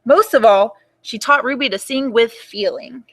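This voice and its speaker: Bright-voiced woman reading a storybook aloud. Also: on the high side. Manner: animated, expressive, warmly slow reading. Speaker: children's librarian reading aloud. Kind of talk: children's storytime read-aloud.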